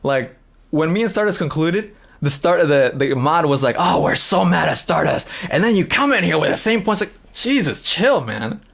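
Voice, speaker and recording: Man, streamer host, casual and loose, swearing, higher pitch, lively up and down. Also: normal speed. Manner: casual, swearing, many fillers and restarts. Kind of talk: casual live-stream chat.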